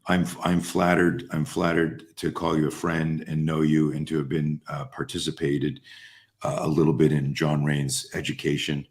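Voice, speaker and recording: A man's voice: extremely low pitch, flat delivery, normal speed. A middle-aged man hosting a casual interview, rambling with restarts and swearing freely. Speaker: host.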